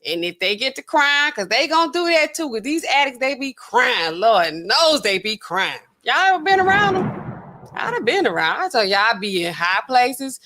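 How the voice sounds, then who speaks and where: A woman hosting a show in casual, rambling commentary, talking in an animated, colloquial way and laughing often. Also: on the high side, moderate pace. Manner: swings often between loud and quiet.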